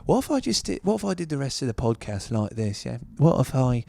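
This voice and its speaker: A comedian doing a comic bit in an exaggerated put-on British accent. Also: male voice, mid-range voice, big pitch swings, fairly quick, gravelly, a little mellow, voice pushed up. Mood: playful. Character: mock posh British man, soft-spoken and whimsical.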